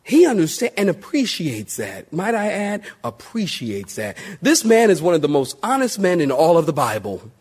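Pastor guy preaching, kinda high voice, folksy and lively, asks the crowd to say amen. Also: normal speed, hardly any pauses, slightly rough. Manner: folksy, animated preaching with call-and-response. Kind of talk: sermon.

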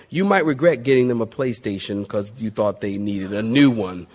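A male pastor with a medium-pitched voice delivers a folksy, animated sermon, calling on the congregation to answer back.

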